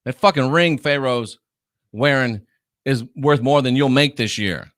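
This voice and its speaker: A man hosting a reaction commentary, ranting with profanity and mockery, swinging from shouted jeers to low muttering. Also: unhurried, dry recording, clean studio sound. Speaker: commentary host.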